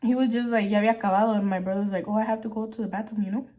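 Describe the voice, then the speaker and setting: A woman's voice: medium pitch, steady tone, very fast, mellow, lo-fi sound. A young woman vlogging, telling a story while doing her makeup, chatty and full of fillers, swearing casually.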